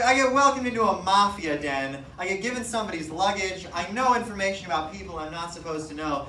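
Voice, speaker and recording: A young man doing stand-up comedy on a stage, telling self-mocking stories in an animated, laughing way. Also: a little high, fast, few pauses, background noise. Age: young adult. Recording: echoey room from a distant mic.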